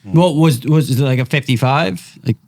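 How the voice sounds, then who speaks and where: A man co-hosting a relaxed sports conversation, pressing for details with one question after another. His voice sits in an ordinary middle pitch. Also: normal speed, vocal fry. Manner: inquisitive, asks follow-up questions. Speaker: podcast co-host. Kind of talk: casual sports talk.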